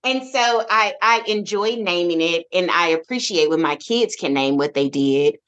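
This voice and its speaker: A woman guest on a podcast, telling her parenting story in an expressive, animated way, with frequent restarts. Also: on the low side, moderate pace, lo-fi sound. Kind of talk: casual conversational interview.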